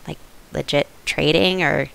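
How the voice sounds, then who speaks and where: Woman player in a tabletop game, lowish voice with some fry, earnest and coaxing. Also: fairly even intonation, unhurried, fairly bright tone, slight background noise. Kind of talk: in-character tabletop chat.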